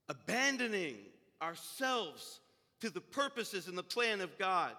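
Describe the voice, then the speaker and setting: High, bright-voiced preaching pastor. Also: male voice. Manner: storytelling with acted-out voices, building to forceful preaching. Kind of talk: sermon. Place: church sanctuary. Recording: long hall reverb.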